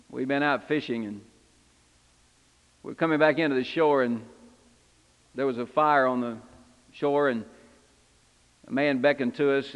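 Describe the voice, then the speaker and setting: A man's voice: on the high side, long reverb tail, dull audio, lightly acted. A man preaching in character as Simon Peter, an impulsive, repentant fisherman, telling his story in first person with earnest, confessional feeling. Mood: reflective. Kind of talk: first-person dramatic sermon monologue.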